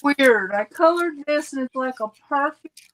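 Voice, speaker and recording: A woman joins a crafting livestream as a guest and talks in a relaxed, plain-spoken way. Her voice is high. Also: moderate pace, rough recording. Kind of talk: casual crafting chat.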